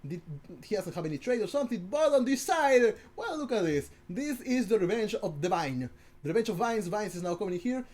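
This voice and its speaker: Male game caster, high voice, casual commentary, giggly and prone to stammered restarts. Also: big pitch swings, brisk, a little mellow.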